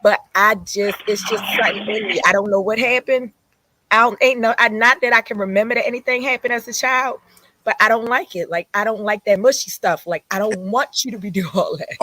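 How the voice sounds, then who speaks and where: A woman in her late thirties in casual podcast talk, blunt and laughing between lines. Her voice sits at an average pitch and sounds dry and close to the mic. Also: brisk, bright, forceful tone, no echo. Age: 30s. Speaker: podcast guest. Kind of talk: casual chat.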